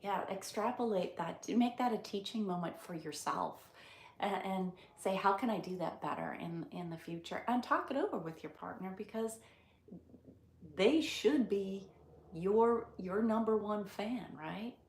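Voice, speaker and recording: A woman's voice: medium pitch, unhurried, echoey room. A middle-aged woman hosting a casual livestream, chatting with viewers, laughing often and talking into her phone. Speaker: livestream host.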